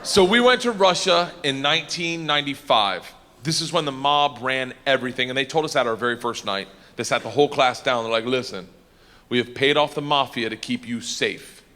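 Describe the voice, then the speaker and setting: A man telling an animated, rowdy stand-up story before a live audience, breaking into laughter and shouts. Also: mid-range voice, brisk. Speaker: stand-up comedian. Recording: long hall reverb with faint noise.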